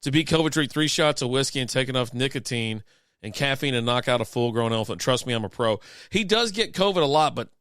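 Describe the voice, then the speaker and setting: A man with a smooth, resonant voice tells rambling, profane stories on a casual beer-and-sports stream, laughing often along the way. He is sick and has a lingering cough. The recording is dry and close, with no room sound. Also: mid-range voice, animated, fast, fairly bright tone, dry recording. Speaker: podcast co-host.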